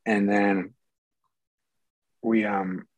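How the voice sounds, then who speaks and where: Husky low-voiced man telling a story. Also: very slow, no echo, poor audio. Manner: animated storyteller, acts out quoted dialogue. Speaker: actor guest. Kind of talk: casual anecdote.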